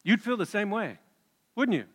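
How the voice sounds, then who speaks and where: A man's voice: high-pitched, big pitch swings, normal speed, a bit bright, slightly rough, big-room sound. A man preaching a sermon as a pastor, telling the story in a conversational way and putting questions to the congregation.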